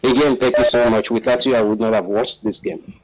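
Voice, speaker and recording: A man's voice: medium pitch, a little fast, over a noisy crowd, rough recording. A man from Nigeria calling in to a football talk show, passionate and emphatic. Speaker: caller. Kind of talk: phone-in football commentary.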